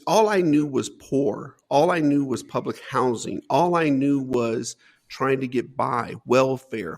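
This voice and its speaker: A man's voice: medium pitch, vocal fry, darkish tone. A man as an interview guest, earnestly recounting his life story with emphatic repetition.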